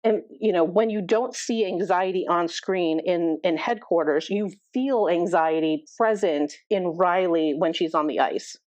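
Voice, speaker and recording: Speaking at a measured pace with few pauses, a middle-aged therapist on a podcast has a lowish, slightly mellow voice. As an interview guest she explains things thoughtfully, full of "likes" and "you knows," and the recording is dull and dry with no echo.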